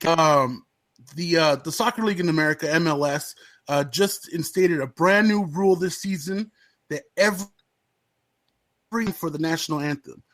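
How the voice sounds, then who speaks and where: A man chatting casually as a podcast guest, hesitant and halting as he brings up a point. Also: fairly high pitch, a bit bright. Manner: hesitant, halting, full of fillers. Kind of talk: casual chat.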